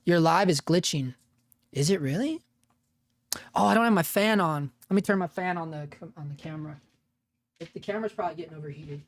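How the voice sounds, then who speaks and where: A man's voice: on the high side, brisk, pauses often, no room sound. A man hosting a casual live stream, laid-back and profane, laughing often and calling people dude and bro. He has an unusual voice that he uses for cartoon work.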